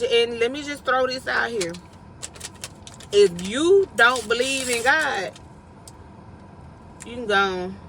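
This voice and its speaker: A woman vlogger giving a casual, inspirational faith talk, repeating lines slowly for emphasis in slangy, everyday phrasing. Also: mid-range voice, bright, forceful tone, a little hiss or hum, low-quality recording. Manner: slow, repetitive, preacherly emphasis.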